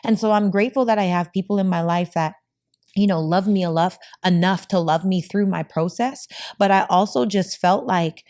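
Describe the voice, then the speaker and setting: A woman's voice: on the low side, moderate pace, darkish tone. A woman hosting a podcast, talking openly and emotionally with frequent restarts. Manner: open and emotional, with many restarts. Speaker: podcast host. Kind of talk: candid podcast conversation.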